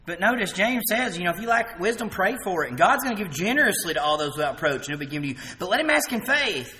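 A man's voice: high-pitched, fast talker. Preaching man in an echoing hall. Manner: animated preaching, rising loud for emphasis and dropping soft for quoted words. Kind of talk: evening sermon.

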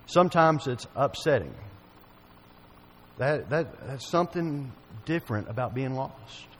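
A man's voice: medium pitch, sing-song, unhurried, fairly bright tone, slight background noise, low-quality recording. A man preaching a sermon, telling a folksy personal story and asking his listeners questions.

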